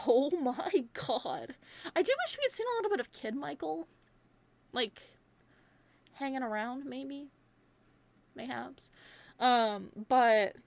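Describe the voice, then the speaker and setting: A young woman giving a casual movie review, animated and rambling, swearing freely as she rants. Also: sits high, dry recording. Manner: rambling, many fillers.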